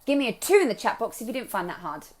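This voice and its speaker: A woman's voice: fairly high pitch, very animated, racing. A young adult woman coaching a live group on self-love, upbeat and chatty, encouraging her listeners and slipping into playful voices.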